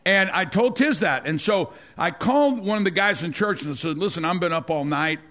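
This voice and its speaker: A middle-aged male pastor delivering a sermon through a long personal story. His voice sits a little high for a man, and he keeps doubling back on words, stammering and restarting as the story builds. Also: a little fast, few pauses. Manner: rambling, repeats words, stammers and restarts when excited.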